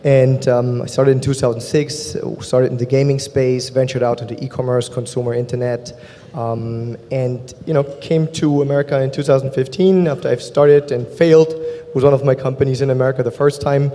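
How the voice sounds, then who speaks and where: German-accented man on a panel, dark tone. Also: mid-range voice, steady tone, moderate pace. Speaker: angel investor panelist. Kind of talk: panel discussion. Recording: long hall reverb.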